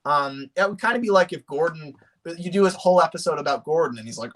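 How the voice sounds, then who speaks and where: A man chatting casually on a livestream, rambling and animated, with many fillers and restarts. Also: high voice, quick pace, few pauses. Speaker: streamer.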